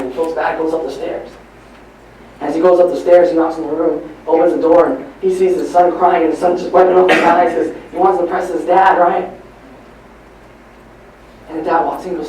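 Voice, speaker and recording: A man giving a live motivational talk, telling stories in an animated, preachy way at a training event in a large hall. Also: fairly high pitch, brisk, a little hiss or hum. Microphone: far from the recording mic. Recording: echoey hall from far off.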